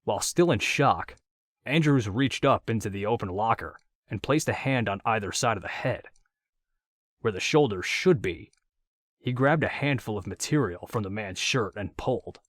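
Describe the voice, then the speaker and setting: Steady and measured, a male narrator with a low voice reads from an audiobook. The audio is clean studio sound and completely dry.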